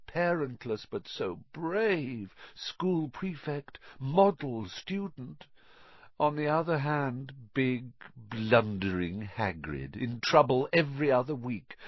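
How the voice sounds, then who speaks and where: A man's voice: medium pitch, slightly rough, no echo, dull audio, exaggerated voice. A man reading an audiobook, voicing a scheming, sneering sixteen-year-old boy wizard who gloats in a silky, cold manner. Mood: gloating. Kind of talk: audiobook character voice.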